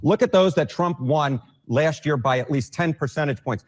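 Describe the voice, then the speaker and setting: Male TV analyst, slightly high voice, brisk and explanatory. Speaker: news commentator in a played clip. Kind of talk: broadcast news analysis.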